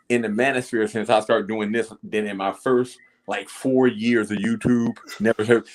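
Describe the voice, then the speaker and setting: A man with a low voice speaks in a blunt, emphatic way. He rambles and swears freely as he hosts a casual discussion. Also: steady tone, normal speed, hardly any pauses. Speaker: host.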